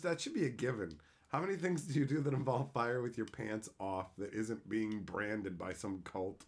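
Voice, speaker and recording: A man chatting casually with his livestream viewers, crude and joking, swearing freely as he tells animated bits. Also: medium pitch, moderate pace, hardly any pauses. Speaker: streamer answering chat.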